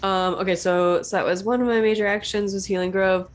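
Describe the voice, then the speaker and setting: A woman's voice: medium pitch, fairly even intonation, brisk. A woman playing a tabletop game, chatty and hesitant with fillers. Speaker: player. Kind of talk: casual tabletop game play.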